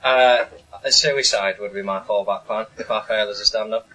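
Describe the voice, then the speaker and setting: Blunt, husky comedian. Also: male voice, lowish voice, moderate pace, soft background music, rough recording. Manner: blunt, deadpan. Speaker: stand-up comedian. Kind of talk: comic panel chat.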